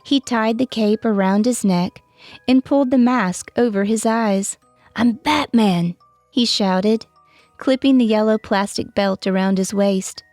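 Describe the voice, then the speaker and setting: Female storyteller for a bedtime audiobook; slow, gentle read-aloud, dry close sound. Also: mid-range voice, no echo, faint music behind. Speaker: storyteller and author.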